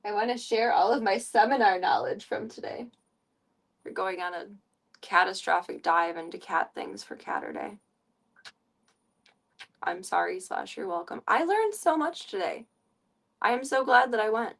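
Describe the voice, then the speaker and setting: A woman's voice: mid-range voice, lively intonation, normal speed, creaky, long pauses. A woman streamer chatting casually on a live stream, playful and giggly as she rambles. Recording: voice a bit distant from the mic.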